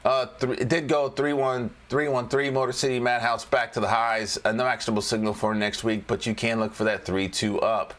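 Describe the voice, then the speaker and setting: A trading educator talks fast and bright in a flat, medium-pitched male voice, barely pausing as he casually walks through stock charts on a screen share. He's chatty, repeats phrases, and laughs and jokes to himself along the way.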